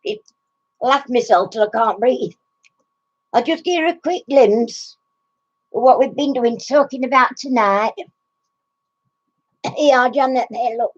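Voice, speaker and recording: A woman's voice: a little high, unhurried, pauses often, breathy edge, muffled recording. A woman in her sixties, out of breath, chatting casually and giggling with live stream viewers, greeting them by name. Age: 60s. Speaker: craft channel host.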